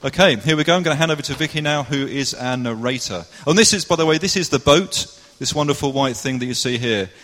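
A man's voice: medium pitch, quick pace, few pauses, a bit bright. Cheerful man hosting in a hall. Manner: cheerful, playful, organizing. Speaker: presenter of a church drama. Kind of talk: casual stage hosting. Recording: echoey hall.

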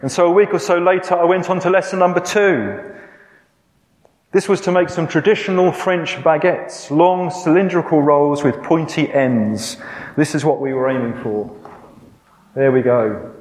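A man in his sixties, a preacher telling a story in a sermon, self-deprecating and gently humorous, with many fillers. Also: a little high, moderate pace. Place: church hall. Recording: echoey hall.

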